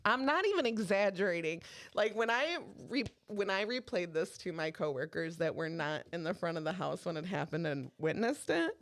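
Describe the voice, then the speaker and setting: Animated, foul-mouthed woman podcaster. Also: lowish voice, moderate pace, hardly any pauses. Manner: animated, swearing, laughing retelling. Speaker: podcast co-host. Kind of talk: casual storytelling chat.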